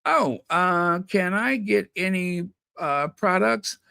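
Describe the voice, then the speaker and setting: A man's voice: sits high, animated, slow, gravelly, pushed and bright, clear, resonant tone, dry recording, clean studio sound. A man hosting a live stream, chatting in a rambling, playful way and repeating words over and over as he tries out how to say them. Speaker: channel host.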